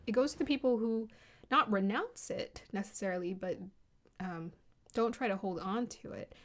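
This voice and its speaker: Gentle woman giving a card reading. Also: mid-range voice. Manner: gentle, flowing, spiritual talk with soft laughs. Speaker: tarot card reader. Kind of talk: casual spoken card reading.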